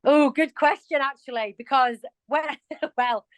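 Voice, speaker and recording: A woman's voice: high voice, a little slow, no room sound, low-quality recording. A woman of forty-one with a Yorkshire accent, a chatty and self-mocking interview guest who laughs often. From England. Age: 40s. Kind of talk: casual interview chat.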